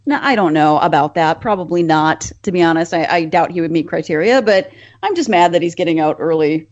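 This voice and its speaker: A woman forensic psychologist with a lowish voice, chatting frankly and giving blunt opinions. Her voice comes through a dull, lo-fi remote line. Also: fairly quick, darkish tone. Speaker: forensic psychologist guest expert. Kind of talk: casual radio-style chat.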